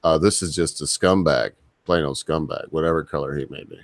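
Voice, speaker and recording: A man's voice: very deep voice, brisk, dry recording, clean studio sound. A man hosting a commentary show, reading news aloud and adding wry, chuckling asides. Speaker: host.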